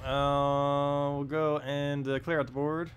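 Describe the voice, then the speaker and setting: A man's voice: fairly high pitch, level tone, slow. A man streaming a video game, casually talking through his moves and thinking aloud with lots of filler words. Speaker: gaming live streamer. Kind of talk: casual gameplay commentary. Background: faint game music.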